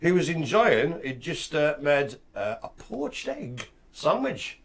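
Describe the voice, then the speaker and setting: A man's voice: on the high side, slow. A man co-hosting a casual live stream, bantering and joking. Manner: jokey, lively banter. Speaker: co-host.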